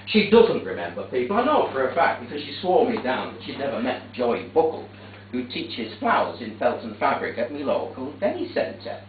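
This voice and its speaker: A man's voice: mid-range voice, moderate pace, slight background noise. Prim fussy guy doing a stage monologue, voice swings all over, echoey far-off tinny sound. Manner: fussy, prim, deadpan storytelling. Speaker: stage actor. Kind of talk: theatrical monologue. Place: theatre stage. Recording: echoey theatre, distant tinny capture.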